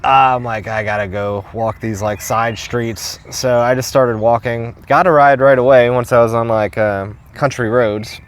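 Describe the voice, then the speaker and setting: A man's voice: medium pitch, steady tone, a little slow, hardly any pauses. A young man from New York telling a hitchhiking story in loose, casual talk, swearing freely and laughing often. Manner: loose and profane, laughs often, lots of fillers.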